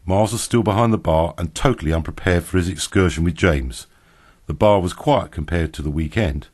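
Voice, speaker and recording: A man narrating an audiobook in a steady, even reading. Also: low-pitched, a little fast.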